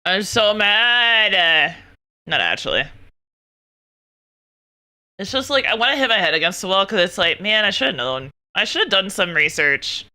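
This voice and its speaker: Young woman streamer venting, super bright voice, swears a lot, chatty. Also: medium pitch, moderate pace, pauses often. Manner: animated, swearing, exasperated ranting. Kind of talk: casual chat.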